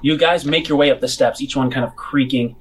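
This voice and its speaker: A man running a tabletop role-playing game as game master, narrating scenes in a relaxed, descriptive way with frequent filler words. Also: medium pitch, brisk, slightly rough, low-quality recording.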